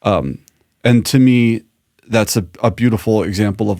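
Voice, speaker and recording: A man co-hosting a podcast, talking in a reflective, earnest way with many restarts, and calmly guiding a breathing exercise. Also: lowish voice, moderate pace, dry recording. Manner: earnest, thoughtful, trailing restarts; calm guided breathing at close. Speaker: podcast co-host.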